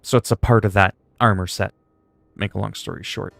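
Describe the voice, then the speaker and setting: A man's voice: on the low side, steady tone, brisk, gravelly, a bit bright, dry recording. A man from Canada chatting casually on a gaming livestream, joking and rambling while he answers chat.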